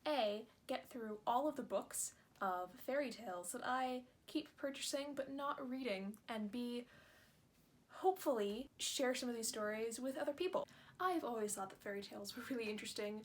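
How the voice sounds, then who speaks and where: Chatty woman with a high voice. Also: slight background noise. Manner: chatty, friendly, lists points. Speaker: vlogger reading fairy tales. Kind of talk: casual chat to camera. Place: indoors at home.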